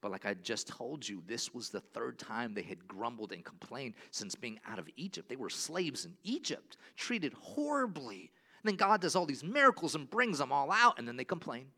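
A man preaching a sermon as pastor, swinging from loud exclamations to quiet scripture reading. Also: mid-range voice, sing-song, moderate pace.

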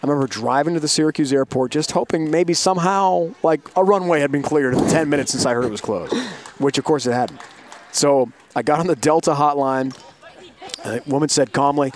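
A man's voice: a little high, fairly quick, a little hiss or hum. A middle-aged man, a sports broadcaster, telling a long travel story in an interview, acting out quoted voices and laughing often.

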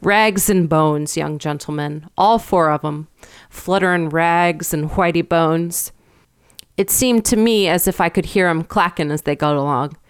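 A woman's voice: lowish voice, measured pace, smooth, dry recording, studio quality, close to an everyday voice. Woman doing grave old country shepherd. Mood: ominous. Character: gruff old rustic male shepherd, grave and superstitious. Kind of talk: storybook reading.

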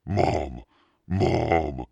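Man doing a scared little brother, stammery, begging, loud and higher. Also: takes it slowly, vocal fry, slightly rough, no echo, clean studio sound, exaggerated voice. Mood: terrified. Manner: stammering, terrified pleading. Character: frightened young boy in bug costume.

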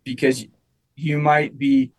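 A young man on a talk show recounts a personal story in loose, casual chat. He rambles, restarts his sentences and leans on fillers, in a middle-pitched voice. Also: flat delivery, slow pace, a little mellow, a little hiss or hum, rough recording. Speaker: musician guest.

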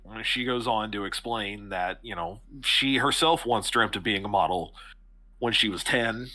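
A man's voice: fairly low pitch, moderate pace, sharp tone. A man running a tabletop horror game as game master, describing characters in a rambling way with many fillers.

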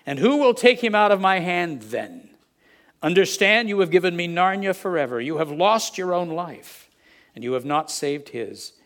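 A man's voice: high-pitched, lively intonation, normal speed, voice pushed up. A preacher reading as a gloating, quivering witch. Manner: quivering, taunting, rising to shouts. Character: cruel gloating female witch, triumphant.

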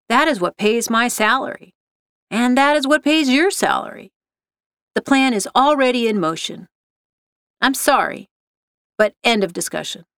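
A woman voicing a brisk, pushy male marketing employee in a storybook reading, his lines pitched a little higher and louder than her narration. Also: creaky, smooth, no room sound, studio quality. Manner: pushy, dismissive.

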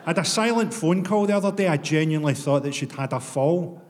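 A Scottish man with a Glaswegian accent doing a stand-up comedy set, deadpan and profane, with sudden bursts of mock outrage. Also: fairly high pitch, quick pace. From Scotland. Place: comedy venue with audience laughter. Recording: long hall reverb, clear ambient noise.

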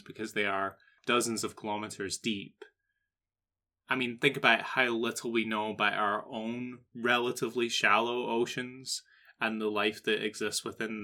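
Bright-voiced man in casual chat. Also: on the low side. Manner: rambling, explains facts at length, slips into silly character voices. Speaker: podcast co-host.

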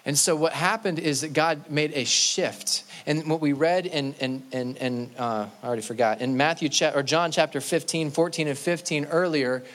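This earnest sermon comes from a male pastor whose voice sits on the high side and sounds a bit bright. He often repeats and restarts words, and he slows his delivery to stress scripture he quotes.

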